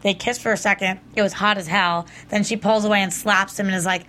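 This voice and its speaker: A woman's voice: medium pitch, steady tone, a little fast, pushed and bright. A woman co-hosting a TV aftershow, recapping and gossiping in a gushing, chatty way full of "like". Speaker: co-host of a TV aftershow. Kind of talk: casual gossip chat.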